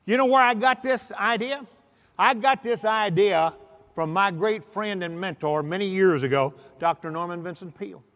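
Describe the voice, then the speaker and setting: Folksy storytelling and acted-out voices fill this motivational speech given to an audience in a large hall with hall reverb. The man's voice sits high, with a fairly bright tone and a moderate pace.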